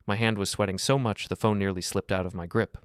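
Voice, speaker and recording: Low dry male narrator for a first-person drama story, steady and measured. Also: clear, resonant tone, no echo.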